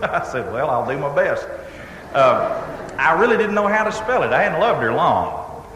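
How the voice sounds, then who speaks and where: A man's voice: fairly high pitch, normal speed, noisy background. Folksy Texan man telling stories on stage. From Texas. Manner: drawling, folksy, deadpan asides. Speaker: humorist storyteller. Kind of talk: live comic storytelling. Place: stage in a large hall with an audience. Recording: echoey hall recording with faint ambience.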